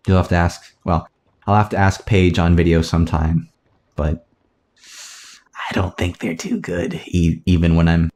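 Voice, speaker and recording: A man casually commentating his own gameplay, rambling aloud through tangents with soft self-mocking asides. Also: low-pitched. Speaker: let's play gamer.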